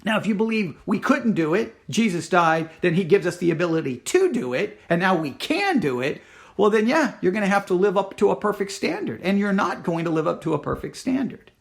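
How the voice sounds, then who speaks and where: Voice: mid-range voice, very animated, brisk, gravelly. Impassioned Christian commentator reading the news. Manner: impassioned, emphatic, with frequent restarts and acted quotes.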